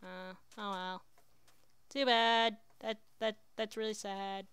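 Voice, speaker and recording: A woman's voice: mid-range voice, steady tone, takes it slowly, fairly bright tone, clear, resonant tone. A woman giving casual gameplay commentary, chatty and talking to herself with sudden exclamations. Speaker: let's player.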